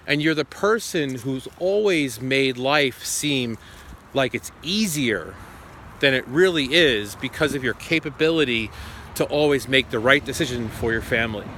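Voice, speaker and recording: A man's voice: medium pitch, expressive, a little slow, pushed and bright, slight background noise. A man in his forties casually retelling a phone call, acting out both sides. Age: 40s. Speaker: vlogger. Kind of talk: casual storytelling to camera.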